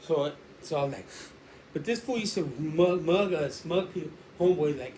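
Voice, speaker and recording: A man's voice: a little high, moderate pace. A man telling a rambling, slangy street story in a casual way. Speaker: storyteller guest. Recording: roomy echo, faint background noise.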